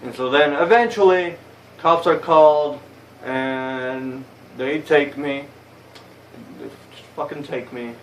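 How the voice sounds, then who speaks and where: A man's voice: on the high side, takes it slowly, recorded from a distance, a little hiss or hum, poor audio. A young man telling a story in a casual vlog, rambling and swearing a lot, heated and blunt. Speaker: vlogger. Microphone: phone camera.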